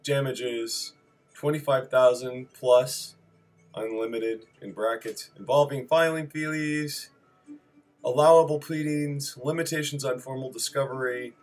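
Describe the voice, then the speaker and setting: A man's voice: medium pitch, rough recording. A man reading out terse study notes on civil procedure as a list, with wry asides and apologetic backtracking. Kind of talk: reading lecture notes aloud.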